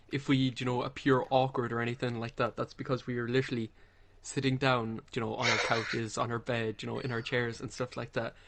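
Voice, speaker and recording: Relaxed young man, rambling podcast chat. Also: medium pitch, a little fast, slight background noise. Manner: relaxed, rambling, stammers at starts. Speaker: podcast co-host. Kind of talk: casual chat over a voice party. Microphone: headset in an online party.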